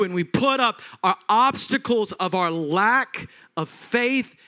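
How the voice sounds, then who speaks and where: Male pastor, higher voice, preaching; dramatic storytelling that jumps between loud and quiet. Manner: animated storytelling, acting out voices, swings from loud to hushed. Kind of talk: sermon.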